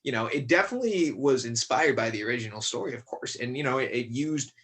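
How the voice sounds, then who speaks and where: With a mid-range, slightly bright voice and lively intonation, a man from Connecticut talks quickly on a podcast where he's a guest. He rambles casually about acting and horror films, often using fillers and restarting.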